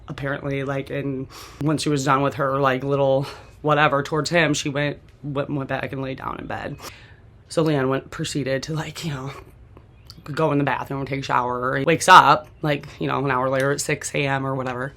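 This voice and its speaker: A woman's voice: extremely low pitch, flat delivery, normal speed, fairly bright tone. A woman host telling a personal story from memory in a rambling, casual way, with constant "like" and frequent restarts. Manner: rambling, heavy use of "like", restarts, occasional swearing.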